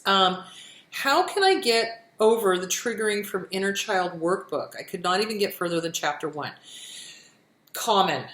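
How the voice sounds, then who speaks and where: A middle-aged woman giving self-help advice in a casual, gentle, reassuring way, often repeating her phrases and answering questions frankly. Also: medium pitch, expressive, moderate pace. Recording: roomy echo.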